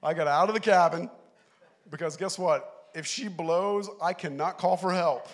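A middle-aged man preaching a sermon, telling a story animatedly, laughing along and shouting the lines he quotes. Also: on the high side, normal speed. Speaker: pastor.

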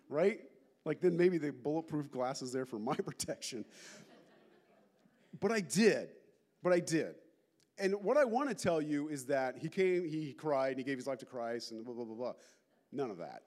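A male pastor giving a conversational sermon, telling stories with lots of animated asides. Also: mid-range voice, normal speed. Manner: animated storytelling with many asides.

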